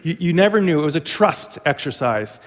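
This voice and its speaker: A man's voice: fairly high pitch, expressive, brisk, big-room sound. A male pastor telling a humorous, self-mocking story during a sermon.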